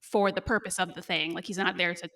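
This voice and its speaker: A woman co-hosting a podcast, recapping a TV episode in casual chat, with fillers and quick laughs. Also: on the low side, steady tone, fairly bright tone.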